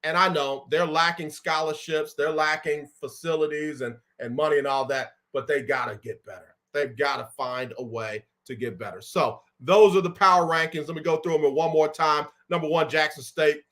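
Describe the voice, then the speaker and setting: A man hosting a casual sports talk show, running through college football rankings in an animated, conversational way with slang asides. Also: on the high side, moderate pace, hardly any pauses. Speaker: show host.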